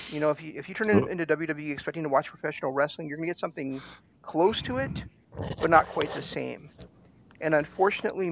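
A man's voice: a little high, creaky, fairly bright tone. A man hosting a casual radio show, talking in a rambling way with frequent restarts. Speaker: host. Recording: dry, slightly dull lo-fi sound.

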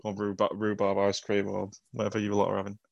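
A man chatting in an easygoing, plain-spoken way. His voice is low with a gravelly rasp. The sound is close and dry. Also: completely flat delivery, quick pace, darkish tone, dry recording, lo-fi sound. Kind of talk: casual chat.

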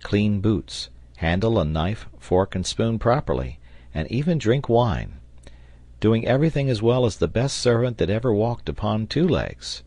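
A man narrating an audiobook in a steady, even storytelling manner on a close mic. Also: fairly low pitch, a little slow, no echo. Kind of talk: scripted narration.

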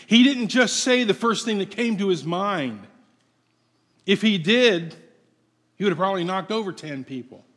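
A male pastor delivers a sermon at an unhurried pace, his slightly raised voice ringing through a long hall reverb. He preaches in a playful, conversational way and keeps asking his congregation questions. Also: sits high, fairly bright tone.

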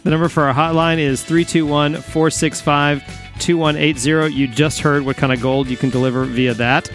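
A man's voice: a little high, fairly even intonation, moderate pace, a bit bright, faint music behind. A man co-hosting a podcast in casual chat, friendly and encouraging. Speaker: podcast co-host.

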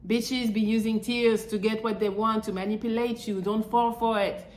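A woman's voice: on the high side, normal speed, roomy sound. A woman hosting a podcast, giving blunt, crude relationship advice and mocking the people she describes. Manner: crude, animated, swings into mocking quoted voices. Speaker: podcast host.

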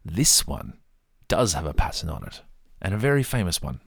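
A man's voice: sits low, very animated, normal speed, vocal fry, slightly rough, dry recording, clean studio sound. A man talking casually through his mug collection in a rambling, self-deprecating way. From Australia. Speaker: vlogger. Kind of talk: casual show-and-tell monologue.

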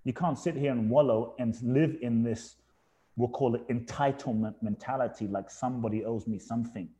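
A man's voice: mid-range voice, normal speed, dark tone. A man guesting on a podcast, telling his life story earnestly and emphatically, often repeating phrases for effect. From England. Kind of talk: reflective storytelling interview.

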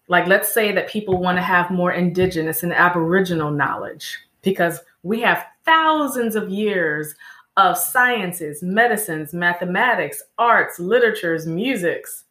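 A woman's voice: on the low side, a little slow, fairly bright tone. A woman answering interview questions in an emphatic, lecturing way, often listing examples. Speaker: guest. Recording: echoey room.

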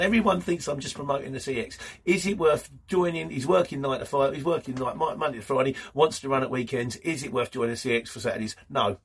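A man's voice: on the high side, slight background noise. A man who runs a courier business, chatting casually in a vlog and answering viewer questions in a rambling, self-deprecating way. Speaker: courier business owner and vlogger.

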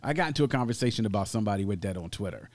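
A man's voice: fairly low pitch, racing, dry recording. Chatty D.C. man in a dry room. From Washington, D.C. area. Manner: animated, laughs often, talks at length. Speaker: podcast co-host. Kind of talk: casual chat.

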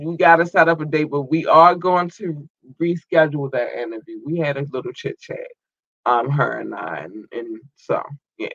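A man hosting his own show in a loose, slangy, chatty way, rattling through listener shout-outs. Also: fairly high pitch, no echo. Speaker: podcast host. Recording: dull lo-fi dry sound.

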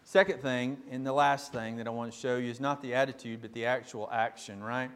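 A male pastor preaching a sermon, speaking directly to the congregation and building from quiet teaching to loud, emphatic preaching. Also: mid-range voice, fairly even intonation, a little fast, smooth.

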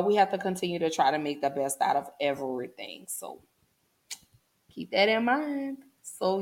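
A woman's voice: fairly low pitch, darkish tone. Chatty woman hosting a podcast. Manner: chatty, folksy, addresses listeners as y'all and baby. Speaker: podcast host. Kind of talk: casual solo podcast chat with live listeners.

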